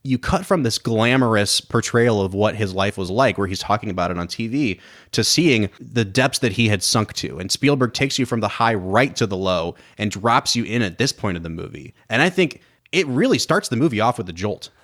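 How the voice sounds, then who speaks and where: A man co-hosting a film podcast, chatting casually and breaking into quick impressions of lines from the movie. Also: on the low side, lively intonation, a bit bright. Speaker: podcast co-host.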